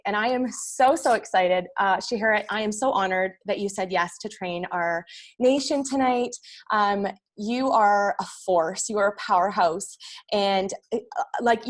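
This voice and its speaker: A woman host opens an online business training and introduces her guest. She gushes with praise and fills her talk with ums and likes. Her voice sits at an ordinary pitch. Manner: gushing, many fillers.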